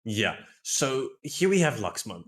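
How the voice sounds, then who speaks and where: A man co-casting esports, walking through stats in a measured, wry way. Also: medium pitch, sing-song, a bit bright. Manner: measured, stat-focused, wry. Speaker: esports analyst co-caster. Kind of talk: pre-match stats analysis.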